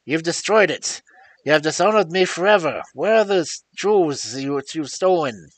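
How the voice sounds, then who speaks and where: A man voicing a furious middle-aged banker father who shouts his accusations. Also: high-pitched, moderate pace, no room sound, voice pushed up, close to an everyday voice. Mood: enraged. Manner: loud raised shouting.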